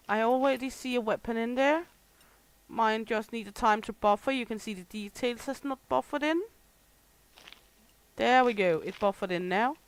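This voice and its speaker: A young adult woman whose first language is Danish, explaining game features and listing items on a gameplay livestream. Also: on the high side. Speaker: streamer. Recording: noisy game audio behind.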